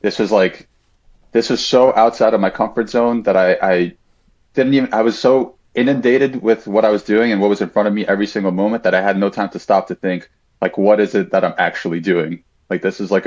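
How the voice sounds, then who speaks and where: Low-ish guy in his 30s, podcast guest, rambling reflective story with lots of "like", muffled lo-fi audio. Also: a little mellow. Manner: reflective, frequent "like" fillers. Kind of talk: casual storytelling. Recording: dull lo-fi sound.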